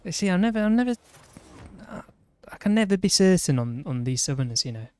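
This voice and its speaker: A man's voice: high voice, sing-song, fast, a little mellow, clean tone, dry recording. Yorkshire streamer, young man, blunt teasing banter, stumbling restarts, dry close sound. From northern England. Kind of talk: casual chat while gaming.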